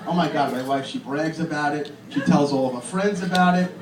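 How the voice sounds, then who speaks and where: Fairly high-voiced male stand-up comic in his thirties, deadpan and crude, recorded from afar. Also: brisk. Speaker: stand-up comedian. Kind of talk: stand-up comedy set. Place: comedy club. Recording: echoey club from far off. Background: audience laughter and room noise.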